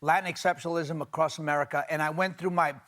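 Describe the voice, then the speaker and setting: A man in his fifties, a guest on a daytime talk show, talking in a loose, animated, rambling way. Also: fairly high pitch, fast talker. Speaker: guest actor. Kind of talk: casual talk show chat. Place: TV studio with live audience.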